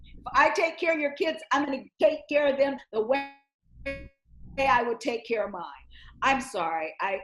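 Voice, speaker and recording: A woman's voice: high voice, normal speed, fairly bright tone, echoey room, faint music behind. A middle-aged woman giving emotional personal testimony in a community discussion over a video call, her voice rising when she is hurt.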